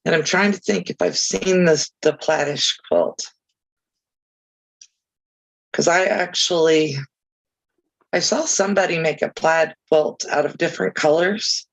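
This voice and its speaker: A woman's voice: deep voice, unhurried, gravelly, pauses often, rough recording. A woman hosting a casual crafting livestream, chatting easily with viewers and reading out their comments, with chirpy, self-deprecating asides.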